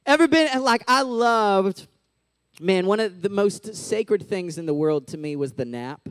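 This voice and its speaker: Animated high-voiced man preaching casually. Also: unhurried, no room sound. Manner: chatty, animated, full of "like" and "right?". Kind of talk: casual sermon.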